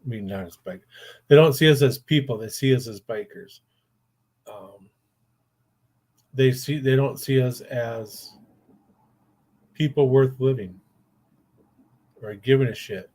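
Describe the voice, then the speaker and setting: A man's voice: medium pitch, measured pace, long pauses, darkish tone. An older man, a grandfather, hosting a casual chat show and telling rambling stories in a blunt, profane way. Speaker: podcast host.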